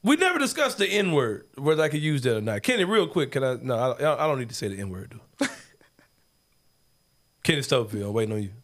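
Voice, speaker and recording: A man from Memphis with a Memphis accent, hosting a podcast in casual, animated, joking talk that runs into rants. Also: mid-range voice, a little fast. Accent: Memphis, Southern US. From Memphis, Tennessee. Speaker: podcast host. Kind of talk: casual chat.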